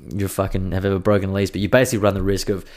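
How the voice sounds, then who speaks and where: A man's voice: low voice, flat delivery, racing, darkish tone. A young man hosting a podcast, telling stories in a rambling, casual monologue full of swearing. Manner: rambling, profane storytelling. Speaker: podcast host.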